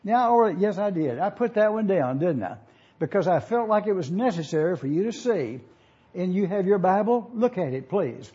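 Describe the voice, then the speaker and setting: A man's voice: high voice, lively intonation, normal speed, dark tone, breathy edge, dull audio. A man preaching a sermon in an auditorium, teaching and asking listeners to follow along in their Bibles.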